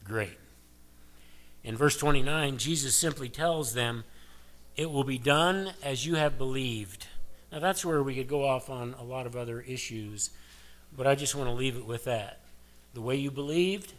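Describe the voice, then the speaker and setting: A man's voice: medium pitch, moderate pace, fairly bright tone. An older male pastor preaching a sermon in a conversational way, asking his listeners many rhetorical questions.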